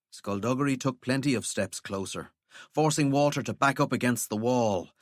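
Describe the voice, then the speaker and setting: A man reading an audiobook as narrator, in an expressive storytelling manner. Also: mid-range voice, normal speed, no echo, clean studio sound. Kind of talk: scripted narration.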